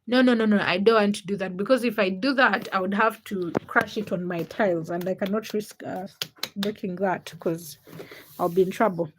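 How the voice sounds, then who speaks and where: A woman's voice: mid-range voice, moderate pace, slight background noise. A young woman with a Ugandan English accent, hosting a casual livestream and greeting viewers by name as she reads the chat. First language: a Ugandan language. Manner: greets viewers by name one after another, chatty. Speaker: livestream host.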